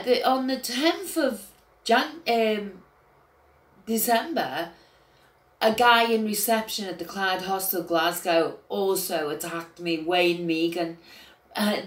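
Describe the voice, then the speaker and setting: Older woman ranting about what happened to her, goes quiet then loud, swears, roomy echo. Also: mid-range voice. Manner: agitated, swinging between quiet and loud outbursts, swearing. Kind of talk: emotional personal account to camera.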